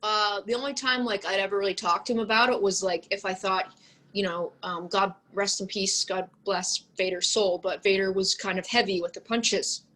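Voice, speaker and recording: A woman's voice: medium pitch, steady tone, moderate pace, pushed and bright, rough recording. A young woman speaking as an interview guest in casual chat, rambling and filling her talk with "like" and "um". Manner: rambling, heavy use of "like" and "um".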